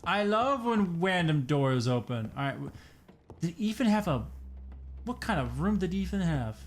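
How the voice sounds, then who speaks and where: A tired, yawning young man provides let's play commentary for a horror game as a gaming streamer, joking to himself between jumpy outbursts. His voice is on the high side with big pitch swings at a normal speed, and the recording carries a little hiss or hum.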